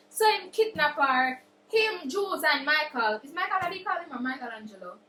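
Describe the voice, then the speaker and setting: A young woman with a Jamaican accent casually retelling a book's plot, animated and quick to act out the characters' lines. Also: high-pitched. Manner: animated, acts out characters' quotes. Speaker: book reviewer. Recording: echoey room with faint noise.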